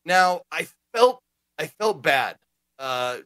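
A man's voice: on the high side, big pitch swings, slow, bright, forceful tone, dry recording, clean studio sound. A man co-hosting a casual gaming talk show, playful and prone to mock announcer voices. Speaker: co-host. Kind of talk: casual chat.

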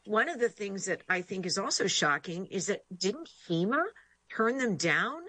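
A woman's voice: medium pitch, very animated, normal speed, bright, forceful tone, no room sound. A woman hosting a remote news interview, asking pointed questions in a sympathetic way. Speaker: interview host.

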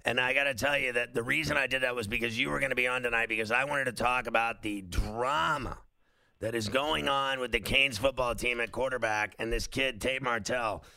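A man's voice: mid-range voice, brisk, gravelly, no echo. A man hosting a sports radio show, talking casually and at length with lots of fillers. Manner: animated, rambling, lots of fillers.

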